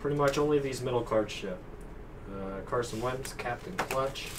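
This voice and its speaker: A man's voice: mid-range voice, normal speed. A man hosting a live sports card break, reading out cards and names and joking with the room. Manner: jokey, rattles off names and cards. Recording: distant mic with noisy room.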